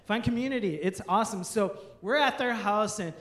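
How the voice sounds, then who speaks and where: A man's voice: high-pitched, a little fast, fairly bright tone, roomy sound. A man in his thirties, a pastor, telling a funny personal story from a church stage as part of a sermon, laughing and acting out his friends' voices. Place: church stage before a congregation.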